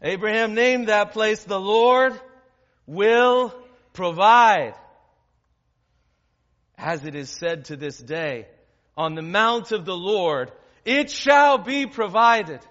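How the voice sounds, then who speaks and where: A man preaching a sermon as pastor, emphatic, with dramatic pauses and swings from loud to hushed. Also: high-pitched, animated. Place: church hall with stage. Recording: dull recording in a reverberant hall.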